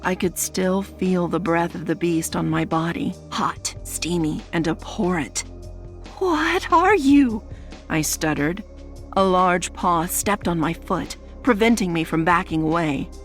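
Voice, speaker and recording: Woman audiobook narrator, lowish voice, tense first-person storytelling, faint music underneath. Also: steady tone, a little slow.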